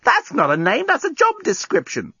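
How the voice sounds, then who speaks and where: A man voicing an impatient, curious young woman, speaking high and insistently. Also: wildly swooping pitch, normal speed, pushed and bright, slightly rough, no room sound, dull audio, full character voice.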